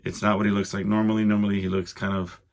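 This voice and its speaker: A man's voice: lowish voice, flat delivery, fast. A young man hosting a solo podcast, rambling through stories with lots of fillers and asides. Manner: meandering, full of fillers and asides. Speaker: podcast host.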